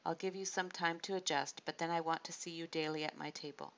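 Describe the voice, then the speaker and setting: A woman narrator voicing a proud adult male king who speaks firmly and in measured tones. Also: low-pitched, steady tone, a bit bright. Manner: firm, measured. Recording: dull lo-fi audiobook recording.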